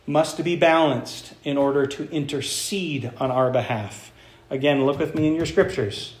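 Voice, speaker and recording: A high-pitched man preaches a sermon, drawing his congregation in with questions. His voice rings through an echoey church sanctuary. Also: a little mellow. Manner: engaging, asks the congregation questions. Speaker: pastor. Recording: echoey room.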